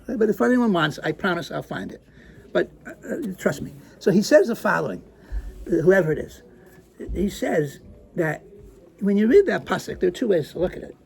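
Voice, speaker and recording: A man teaching a lesson, using Hebrew terms and acting out his stories, moving from hushed tones to excited outbursts. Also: sits high, a little fast, gravelly. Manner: animated, swings from hushed to excited. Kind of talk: lecture with acted storytelling.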